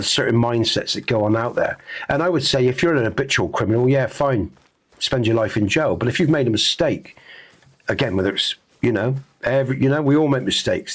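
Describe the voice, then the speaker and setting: A slightly rough, medium-pitched voice comes from a middle-aged man hosting a game stream. His earnest, casual on-stream talk meanders reflectively, packed with fillers and restarts.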